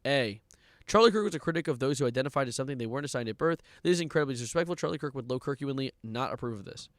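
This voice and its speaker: A young man streaming live and reacting to online content, ranting sarcastically, swearing and breaking into loud outbursts. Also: medium pitch, lively intonation, racing, no echo, clean studio sound. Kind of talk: livestream reaction commentary.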